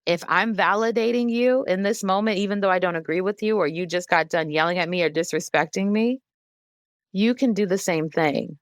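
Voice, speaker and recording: A woman in her thirties, a guest on an interview show, speaking candidly and earnestly, growing animated when she quotes other people. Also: lowish voice, a little fast, no room sound, studio quality. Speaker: guest, emotional wellness advocate.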